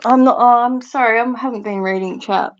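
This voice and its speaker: A woman's voice: fairly high pitch, lo-fi sound. A woman co-hosting a casual chat, laughing easily as she talks. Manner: giggly, quick to laugh.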